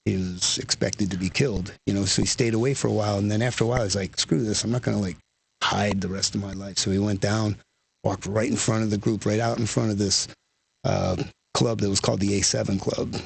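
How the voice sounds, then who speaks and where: A man's voice: lowish voice, fairly even intonation, fairly quick, creaky, slightly rough, no echo. A man guest, a lead singer, telling stories in casual conversation, rambling and full of "you know" and "like".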